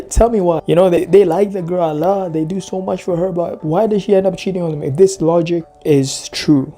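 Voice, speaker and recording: A man's voice: fairly high pitch, warm tone. A man giving casual reaction commentary, ranting in slang and filling gaps with "da, da, da" and "yada, yada".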